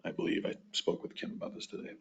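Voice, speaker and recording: A man on a town development board, plainly walking the others through the monthly finances with a dry sarcastic streak. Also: quick pace. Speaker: EDA board member giving financial report. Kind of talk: casual meeting talk. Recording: dull lo-fi meeting recording.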